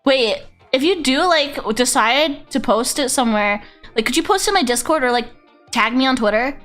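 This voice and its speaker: Faint music sits behind this woman's high, animated voice, which is fairly bright and moderately paced. She's a VTuber streaming live, reading chat messages and chatting with viewers in a giggly, chaotic way while poking fun at herself.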